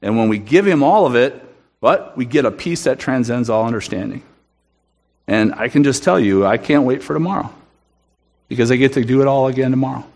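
A man's voice: mid-range voice, a little fast, creaky, darkish tone. A man giving an earnest, emphatic sermon testimony in a church room, often restarting his sentences. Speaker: guest speaker at a church.

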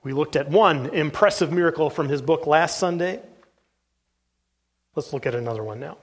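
A man preaching a sermon as pastor, reading case accounts aloud from a book in an earnest, steady way with the odd "uh". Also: fairly high pitch, normal speed.

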